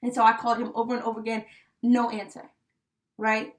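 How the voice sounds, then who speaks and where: A young woman with a somewhat high voice shares a personal story in relaxed podcast chat. She is heartfelt and animated and leans on fillers like "you know" and "right?". Her voice sits a bit back from the microphone. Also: a little fast. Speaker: podcast co-host. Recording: voice a bit distant from the mic.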